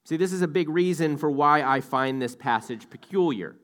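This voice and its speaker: A man's voice: a little high, moderate pace, fairly bright tone. A man giving verse-by-verse Bible teaching in a conversational way, with asides that correct himself.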